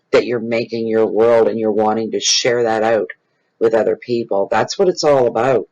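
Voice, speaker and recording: A man rambles expressively to his viewers as a tarot channel host, circling back on his own phrases. His voice sits on the low side with a husky, breathy edge. The recording sounds dull and lo-fi. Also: steady tone, normal speed, darkish tone. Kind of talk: casual improvised spiritual talk to viewers.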